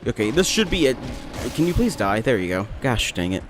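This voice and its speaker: A man's voice: medium pitch, very animated, fairly quick, music in the background. A young man casually commentating his gameplay, rambling, joking and talking to the characters on screen. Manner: rambling, joking, talks to the game. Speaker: let's play host.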